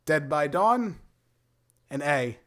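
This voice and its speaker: A man's voice: on the high side, lively intonation, slow, background noise. A young man co-hosting a casual movie review chat, talking with enthusiasm and now and then slipping into a showy announcer tone. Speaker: movie review show co-host.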